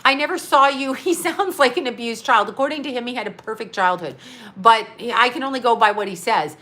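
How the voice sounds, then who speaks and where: A woman's voice: a little high, brisk, pushed and bright. A woman in her forties talking casually on a livestream from her small home studio, candid and rambling, often laughing. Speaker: psychic medium and vlogger. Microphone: phone camera.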